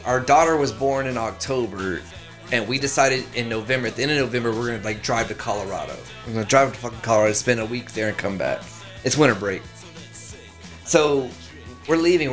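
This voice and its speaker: A man's voice: mid-range voice, brisk, fairly bright tone, soft background music. A man co-hosting a casual chat, rambling through stories and swearing freely. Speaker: podcast co-host.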